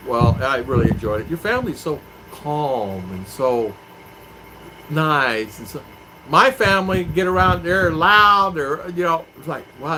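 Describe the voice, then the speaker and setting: A man in a casual live-stream chat, rambling as he reads out viewer comments and answers them. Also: a little high. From United States. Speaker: vlogger. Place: home in the Philippines. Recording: clear clicking noise behind voice.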